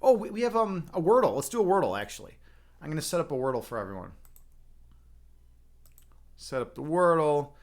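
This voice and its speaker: A man's voice: a little high, very animated, fairly quick, pauses often. A man hosting a casual livestream, rambling and chatting with viewers and swearing now and then. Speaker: livestream host.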